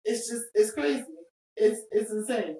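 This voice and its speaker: A woman's voice: fairly high pitch, normal speed, echoey room, far from the mic, a crowd in the background, rough recording. A woman co-hosting a casual podcast chat, blunt and joking as she keeps steering the talk to the next topic. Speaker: podcast co-host.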